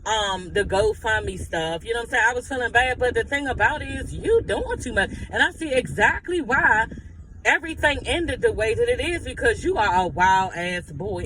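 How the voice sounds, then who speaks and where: A man with a strikingly high voice dishes on reality TV drama, sassy and blunt, peppered with profanity and dramatic asides. The recording is noisy, with outdoor city sounds and vehicles clearly audible behind him. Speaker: reality TV recap commentator. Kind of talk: casual gossip recap commentary.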